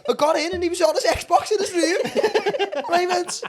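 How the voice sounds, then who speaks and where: A man's voice: very high-pitched, noisy background. A man, telling stories at speed in a casual podcast chat. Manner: fast, animated storytelling.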